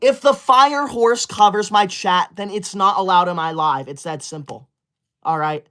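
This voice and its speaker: A man's voice: high voice, measured pace, sharp tone. A man in his twenties playing a pompous, bossy young male livestreamer who scolds his chat while reading super chats, as a comedy character. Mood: haughty. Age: 20s.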